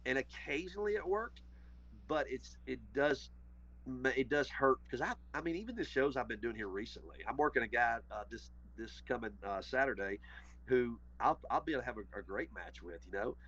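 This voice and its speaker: A man's voice: mid-range voice, animated, a little fast, fairly bright tone. Rambling Southern man, muffled recording. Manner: rambling, trails off and restarts. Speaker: podcast guest, former wrestler. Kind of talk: casual storytelling chat. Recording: muffled lo-fi audio.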